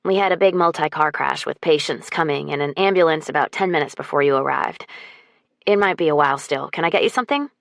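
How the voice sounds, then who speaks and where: A woman doing a weary middle-aged nurse with a slight Southern accent, soft-spoken and sympathetic. Her voice sits fairly low, recorded close and dry. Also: fast, creaky, no echo. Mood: kind. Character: tired, kind middle-aged female nurse.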